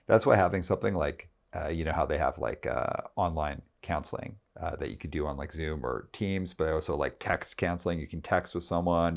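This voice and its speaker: Deep gravelly-voiced male podcast host. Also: a little mellow. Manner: rambling, heavy use of "like" and restarts. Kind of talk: casual podcast conversation.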